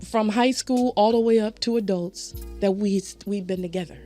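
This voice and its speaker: Animated woman telling a story. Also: mid-range voice, normal speed, soft background music. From Southern United States. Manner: animated storyteller, acts out quoted voices, laughs often. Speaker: guest. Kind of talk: storytelling in casual conversation.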